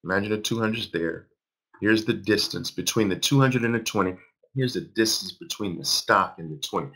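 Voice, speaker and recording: A man's voice: on the low side, a little fast, fairly bright tone. A man in his fifties teaching a live trading class, emphatic, repeating phrases and quizzing his audience. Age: 50s. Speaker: trading instructor.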